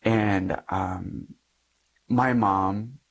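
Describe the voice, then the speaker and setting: A man's voice: fairly low pitch, steady tone, very slow. A young man, a Catholic priest, earnestly telling a personal story in an interview and often laughing between sentences.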